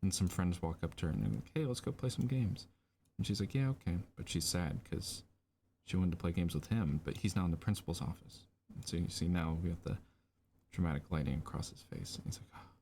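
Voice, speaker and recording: A deep-voiced man with a gravelly edge walks through a storyboard as he draws it. His livestream narration is improvised and rambling, full of fillers, with a faint hiss underneath. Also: fast, warm tone. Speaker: storyboard artist streaming a lesson.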